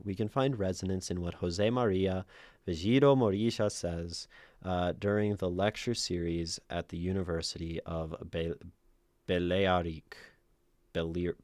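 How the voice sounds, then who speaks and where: A man's voice: low-pitched, a little mellow, no room sound, studio quality. A man hosting a livestream, reading viewer submissions aloud and commenting on them, thinking aloud with many fillers, self-corrections and laughs. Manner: laughs often mid-sentence.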